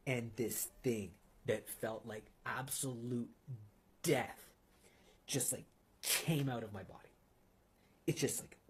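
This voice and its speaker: Man, deep-ish voice, intense earnest testimony, hushed whispers at times, faint noise behind. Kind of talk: personal testimony storytelling.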